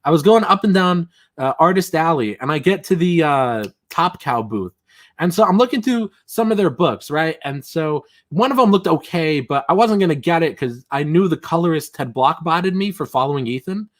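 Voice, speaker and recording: A man hosting a casual livestream, talking in a loose, rambling way. His voice sits a little higher than most men's, and he fills pauses with "uh" and little chuckles. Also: animated. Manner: rambling and chatty, many fillers and chuckles. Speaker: livestream host.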